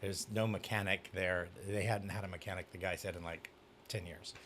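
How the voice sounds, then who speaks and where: A man's voice: low-pitched, moderate pace, slight background noise. A man, a pastor, telling a story in casual chat and acting out the dialogue. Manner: animated storyteller, acts out dialogue. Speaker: youth pastor.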